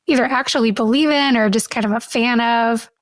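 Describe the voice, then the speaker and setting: A woman with a slightly high voice co-hosts a podcast in relaxed conversation. She asks curious questions and laughs easily. The sound is dry and close to the mic. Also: brisk, no echo. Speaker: podcast co-host. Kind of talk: casual chat.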